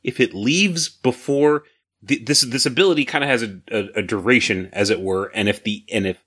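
A man's voice: mid-range voice, normal speed, a bit bright, breathy edge. A man co-hosting a casual podcast, explaining card rules in a rambling, self-correcting way with frequent chuckles. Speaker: podcast co-host.

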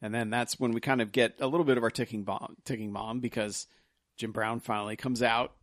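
A man co-hosting a podcast, recapping a film in an animated, casual way and swearing freely. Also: medium pitch, a little fast, no echo, studio quality. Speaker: podcast co-host.

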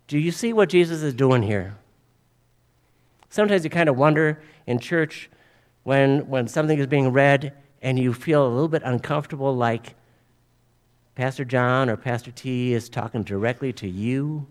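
A man's voice: medium pitch, moderate pace, big-room sound. A male pastor preaching a sermon in a conversational way, asking the congregation rhetorical questions.

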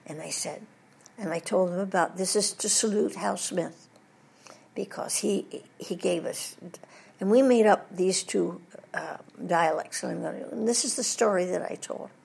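An older woman who works as a voice actress is a guest in a storytelling interview, sharing anecdotes and slipping into British voices for laughs. Her voice is fairly low and darkish, slightly rough with vocal fry, at a moderate pace.

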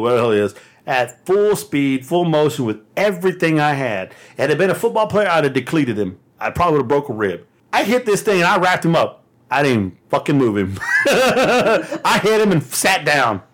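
A man telling a rambling, profane story in a casual chat, laughing often and getting animated. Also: on the high side.

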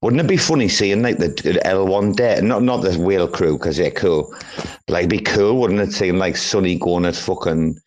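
A man's voice: low-pitched, normal speed, a little mellow. A man in his forties, rambling and swearing freely in a casual group audio chat, with frequent restarts. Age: 40s.

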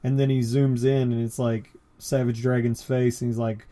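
A man talks through comic book pages in a loose, rambling way, often breaking into laughter. His voice is mellow and dark-toned, relaxed rather than bright. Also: medium pitch, moderate pace, hardly any pauses. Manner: laid-back, laughs often, rambling descriptions. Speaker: podcast co-host. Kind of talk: casual chat about comics.

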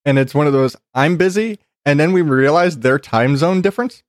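A man's voice: a little high, animated, moderate pace, dry recording, studio quality. A man hosting a podcast from his bedroom, chatting casually, laughing often and swearing freely with lots of restarts. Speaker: podcast host. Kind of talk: casual chat. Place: home bedroom.

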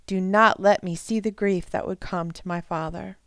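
A woman's voice: mid-range voice, fairly even intonation, normal speed, fairly bright tone, dry recording, studio quality, lightly acted. A woman doing a desperate pleading brother. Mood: begging. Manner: earnest, urgent pleading. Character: pleading grown male brother, desperate and humble.

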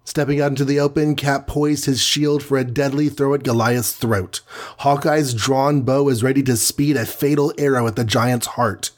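A man's voice: medium pitch, fairly even intonation, normal speed. A man narrating a superhero storybook with a dramatic, vivid reading. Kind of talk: scripted audiobook narration.

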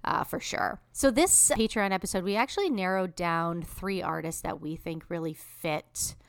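A woman's voice: fairly low pitch, normal speed, gravelly, smooth, no room sound, clean studio sound. A woman co-hosting a film podcast, chatting casually with many fillers. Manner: chatty, lots of fillers and likes. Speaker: podcast co-host. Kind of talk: casual chat.

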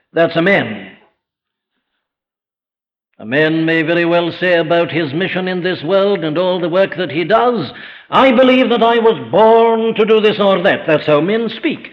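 A man preaching a sermon with emphatic delivery, firing rhetorical questions and slowing right down on key phrases. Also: a little high, expressive. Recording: dull lo-fi recording.

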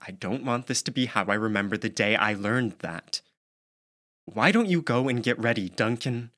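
A man's voice: lowish voice, a bit bright. A man reading an audiobook, voicing a frustrated young woman whose voice sounds raw as she scolds a newcomer. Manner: emotional, strained and scolding. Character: young girl soldier, raw, frustrated and bossy.

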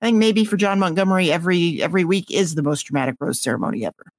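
A podcast co-host in casual chat, speaking in a measured, dry and wry way. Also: medium pitch, dry recording.

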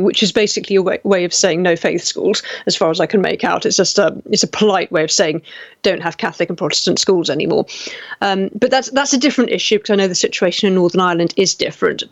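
Here a medium-pitched female host sounds indignant as she goes through viewer comments on her live show, stopping and restarting often in casual stream chatter. The audio is dry, with the high frequencies cut off.

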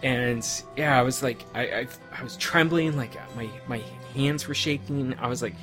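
A man's voice: medium pitch, normal speed, hardly any pauses, a bit bright, faint music behind. A middle-aged man hosting a casual podcast, reading listener tweets aloud in a chatty, stumbling way with easy laughs. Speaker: podcast host.

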